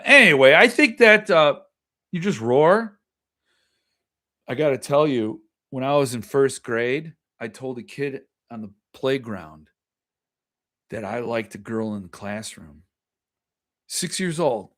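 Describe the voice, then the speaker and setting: A man's voice: mid-range voice, expressive, takes it slowly, pauses often, bright, forceful tone. A middle-aged man hosting a casual livestream, chatting and reacting to viewer comments, often trailing off and restarting his sentences. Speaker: host.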